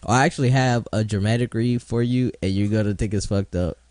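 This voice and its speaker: A man's voice: lowish voice, fairly even intonation, a little fast, darkish tone, dry recording. A man co-hosting a podcast, chatting casually and telling long rambling stories, breaking into laughing impressions. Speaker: podcast co-host. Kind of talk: casual chat.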